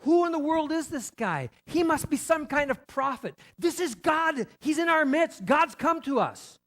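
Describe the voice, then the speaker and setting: A man acting out a crowd of amazed mourners with excited exclamations, voice raised well above his usual pitch. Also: moderate pace. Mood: astonished.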